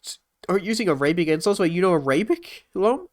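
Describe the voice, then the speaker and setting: A man's voice: high voice, lively intonation, quick pace. A young adult man streaming live, reacting with joking, teasing interjections. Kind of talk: casual livestream reaction chat.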